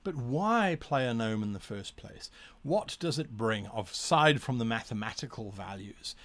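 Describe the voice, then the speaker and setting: Animated man giving tabletop game tips. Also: mid-range voice, unhurried. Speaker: tabletop game advice host. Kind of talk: casual explanatory talk to camera.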